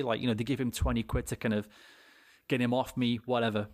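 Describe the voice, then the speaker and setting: With a flat delivery at a quick pace, a young British podcast co-host rambles through an anecdote, full of swearing and false starts. His voice is medium in pitch, and the studio recording is clean with no echo.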